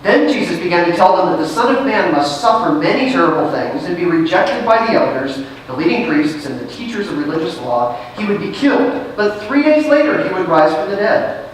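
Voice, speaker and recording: A woman's voice: on the low side, sing-song, fairly quick, distant mic, slight background noise. A woman pastor giving a sermon in a church sanctuary. She reads scripture aloud, then explains it in a conversational way and asks her listeners questions. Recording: very echoey sanctuary, picked up from afar.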